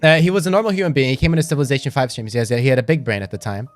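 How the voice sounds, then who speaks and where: A young man co-hosting a podcast, telling dark jokes in a deadpan, provocative way. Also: medium pitch, rapid-fire, no room sound. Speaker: podcast co-host. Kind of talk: casual podcast banter.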